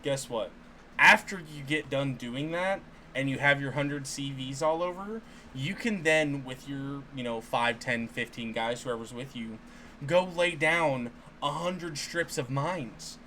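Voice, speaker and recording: A man's voice: medium pitch, lively intonation, a little slow, sharp tone, slight background noise. A man co-hosting a gaming podcast, chatting casually and profanely, building up schemes step by step with hype. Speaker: podcast co-host.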